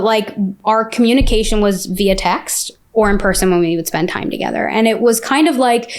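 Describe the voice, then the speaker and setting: Woman, podcast guest, mid-pitched, casual and candid storyteller with lots of "like.". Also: smooth. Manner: candid, says "like" often.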